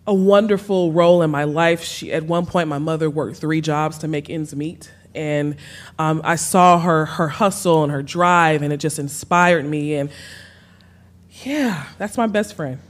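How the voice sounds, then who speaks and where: A woman's voice: low-pitched, unhurried. Laughing Southern woman telling stories. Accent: Gullah Geechee Lowcountry. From South Carolina Sea Islands. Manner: warm storytelling, laughs often, says y'all. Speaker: cookbook author guest. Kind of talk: onstage conversation. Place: stage under lights before an audience.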